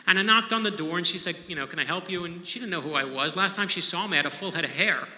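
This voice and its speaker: A man's voice: high-pitched, fast talker, sharp tone. A man, a novelist, giving an inspirational storytelling talk in a conversational, emphatic way, often checking in with the audience. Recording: echoey hall with long reverb.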